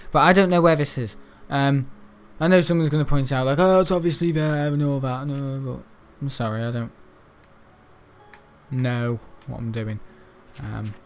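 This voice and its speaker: A gaming video creator rambles through gameplay commentary in a smooth, mid-range voice. He's self-mocking and often mutters to himself while he plays.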